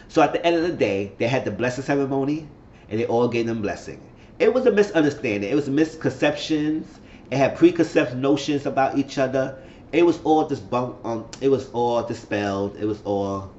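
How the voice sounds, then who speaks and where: A man's voice: mid-range voice, a little hiss or hum. A man recapping a show in a roomy, muffled room. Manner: animated, acts out quoted people. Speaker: YouTube reality-show reviewer. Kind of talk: casual episode recap.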